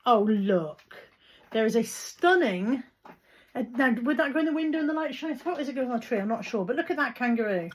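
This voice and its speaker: A woman's voice: fairly high pitch, lively intonation, fairly quick. A woman talking casually to camera in a chatty, rambling, self-deprecating vlog. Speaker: vlogger. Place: in a car, then at home. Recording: dull recording with clear background noise.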